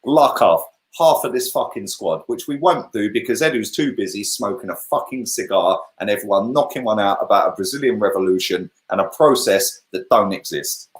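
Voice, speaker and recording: A man's voice: on the low side, a little fast, hardly any pauses. A man, a football fan pundit, ranting bluntly and combatively in heated, sweary chat. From England.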